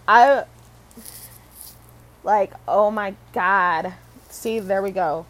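A woman's voice: mid-range voice, extremely slow, pauses often, rough recording. A young woman from Michigan rambling casually to camera, full of fillers and self-corrections, swearing and laughing at herself. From Michigan, USA. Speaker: vlogger.

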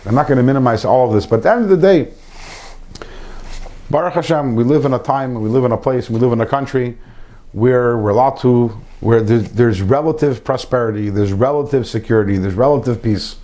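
A man's voice: mid-range voice, brisk, dark tone. A man giving an informal Torah lesson to a small group, earnest, repeating phrases and mixing in Hebrew terms. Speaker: Torah class teacher.

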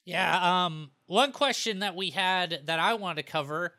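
A man with a bright, clean and smooth voice, pitched a little high. He co-hosts a podcast and puts playful, curious questions to his guest. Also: a little slow. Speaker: podcast co-host. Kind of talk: casual podcast interview.

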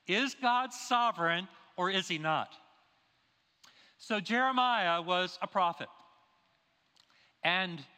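High, bright-voiced male preacher. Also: clean tone. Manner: emphatic preaching with rhetorical questions. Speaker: pastor. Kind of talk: sermon. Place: church sanctuary. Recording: long reverb of a large hall.

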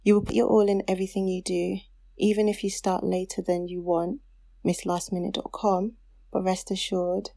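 A woman's voice: on the low side, little pitch movement, moderate pace, vocal fry, warm tone, no room sound. Heartfelt woman reading her own letter aloud, dry close recording. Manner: heartfelt, turns tearful and laughing while reading. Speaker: podcast co-host reading a letter to her younger self. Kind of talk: casual chat, reading aloud.

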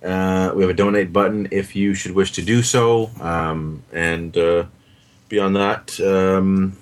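A man's voice: sits low, fairly even intonation, slow pace. A man co-hosting a casual film podcast, rattling off sponsor codes and blog links between chuckles. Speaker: podcast co-host. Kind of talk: casual chat.

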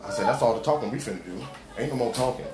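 An animated man with a mid-range voice tells a long story in casual chat, rambling along in heavy street slang and acting out what others said. He halts a lot, filling gaps and restarting sentences. Crowd noise sits in the background of the echoey room.

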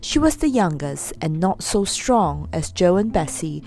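Animated woman reading a storybook. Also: on the low side, unhurried, vocal fry. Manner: expressive, animated.

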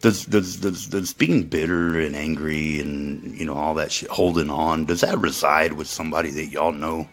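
Brief: gravel-free but husky guy, deep voice, rambling, crude and emphatic. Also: fairly even intonation, moderate pace, few pauses, faint music behind. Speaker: storyteller. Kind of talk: profane casual monologue to viewers.

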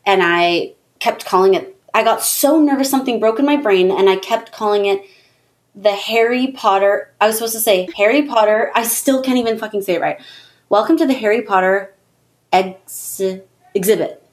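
Woman, casual chat, animated storyteller, playful high put-on voices. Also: normal speed.

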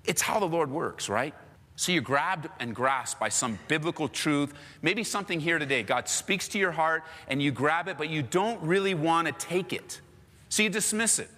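A male pastor preaching a sermon in an animated, conversational storytelling manner. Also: on the high side, moderate pace, big-room sound.

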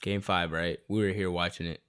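A man's voice: low-pitched, a little fast, clean tone. Profane, slangy young man in casual chat. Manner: animated, profane, slangy storytelling.

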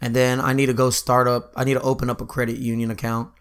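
A young man chatting casually, telling animated stories with lots of laughing and swearing. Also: mid-range voice, fast talker, smooth. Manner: animated storyteller, laughs often, swears freely. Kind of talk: casual chat.

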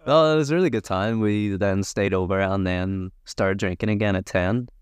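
A man's voice: lowish voice, moderate pace, clear, resonant tone. A man chatting as a podcast guest, telling easygoing anecdotes. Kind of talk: casual chat.

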